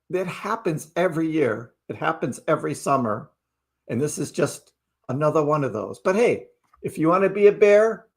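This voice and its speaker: A man hosting a casual livestream, chatting loosely and often tagging his points with "right?". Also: on the high side. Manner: chatty, keeps asking "right?". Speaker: crypto livestream host.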